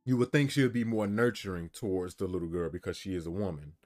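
A man's voice: deep voice, fast, a little mellow. A man retelling a story in casual, heated commentary, repeating himself and often asking "you feel me".

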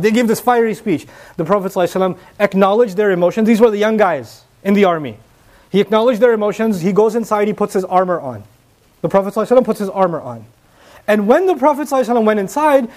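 A man's voice: high voice, animated, rapid-fire, darkish tone. A man giving a sermon, emphatic, with repeated rhetorical questions. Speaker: preacher.

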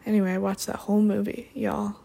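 A woman's voice: mid-range voice, level tone, fairly quick, creaky, warm tone. A young woman hosting a podcast, chatting in a rambling, playful way with sarcastic asides. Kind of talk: rambling comedic chat.

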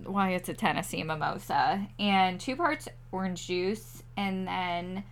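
A woman's voice: fairly low pitch, unhurried. A woman co-hosting a casual podcast, bantering and making self-deprecating jokes. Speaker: podcast co-host. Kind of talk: casual chat.

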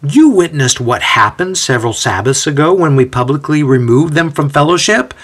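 A man's voice: fairly high pitch, animated, normal speed, fairly bright tone, breathy edge, pitched above the performer's own voice. A man voicing a defensive, indignant middle-aged male synagogue leader.

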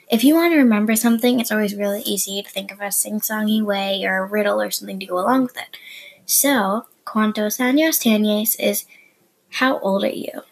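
Breathy woman giving a casual Spanish lesson. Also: medium pitch, fairly quick, poor audio. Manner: chatty and explanatory, drifting into soft asides. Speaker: Spanish teacher and podcast host. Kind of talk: casual beginner language lesson.

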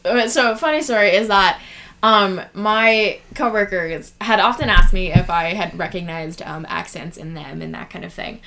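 A woman's voice: mid-range voice, moderate pace, pushed and bright, a little hiss or hum. A woman with a Californian accent, a podcast guest chatting casually and giggling, with lots of fillers. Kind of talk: casual chat.

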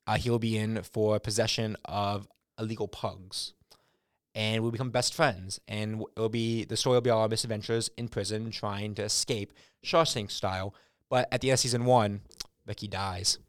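A young man co-hosting a podcast, telling rambling, absurd stories in a casual, deadpan way. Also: on the low side, normal speed, no echo, studio quality. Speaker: podcast co-host. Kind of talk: casual chat.

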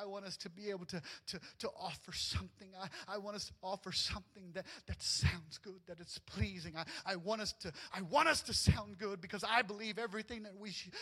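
A man with a high, bright voice preaching a sermon. He tells personal stories with lively, animated energy and often climbs almost to a shout. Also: brisk, few pauses, slightly rough. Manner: animated storytelling, often rising to near shouts, with laughs. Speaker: pastor.

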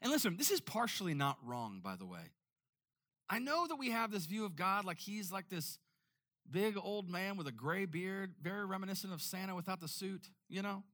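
Male pastor, sermon, animated, bright voice, slightly high pitch, stammers for emphasis. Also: normal speed. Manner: animated, repeats words when emphatic.

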